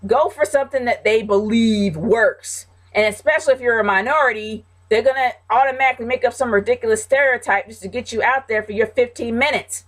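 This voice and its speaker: A woman's voice: on the high side, brisk, few pauses. Blunt, opinionated woman vlogger. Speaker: wrestling vlog host. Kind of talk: casual Q&A vlog.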